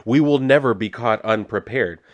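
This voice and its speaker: A man's voice: medium pitch, moderate pace, no room sound, muffled recording, natural voice. A man reading a haughty, stern father.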